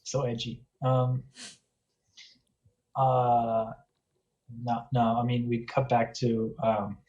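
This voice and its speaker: Laid-back player guy, slow, trails off with ums. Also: mid-range voice, level tone, a little mellow, lo-fi sound. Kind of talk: casual chat at a game table.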